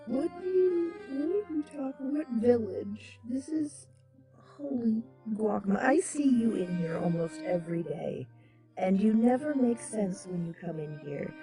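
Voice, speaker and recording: A woman's voice: on the high side, lively intonation, unhurried. A woman co-hosting a live talk show, blunt and exasperated yet caring toward a troublesome caller. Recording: music playing behind.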